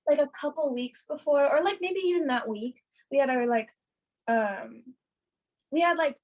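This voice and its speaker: A woman's voice: high voice, moderate pace, a little mellow. A young woman telling a story in casual podcast chat, bubbly and giggly, with lots of fillers. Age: young adult. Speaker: hair and makeup artist.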